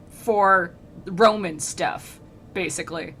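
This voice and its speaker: A woman streamer casually retelling a classic poem, sarcastic, rambling and animated. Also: fairly low pitch, moderate pace.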